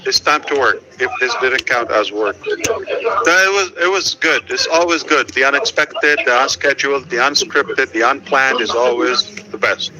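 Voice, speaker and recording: A man's voice: medium pitch, normal speed, noisy background. A man leading a casual group call, speaking in rambling, stop-start phrases full of fillers. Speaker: company leader addressing members.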